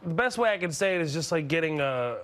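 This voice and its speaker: A man's voice: a little high, expressive, quick pace, fairly bright tone. A man being interviewed as a guest comedian on a talk show, joking animatedly and laughing often. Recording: live TV studio with audience. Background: studio audience laughter.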